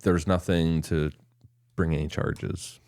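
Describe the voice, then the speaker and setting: A man's voice: extremely low pitch, flat delivery, takes it slowly, darkish tone, dry recording, clean studio sound. A man co-hosting a casual podcast, recounting details of a case in a matter-of-fact way. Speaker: podcast co-host.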